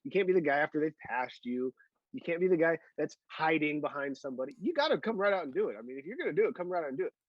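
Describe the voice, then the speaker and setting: A man's voice: on the high side, lively intonation, rapid-fire, dry recording, lo-fi sound. A man co-hosting a casual golf podcast, talking bluntly and emphatically. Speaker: podcast co-host.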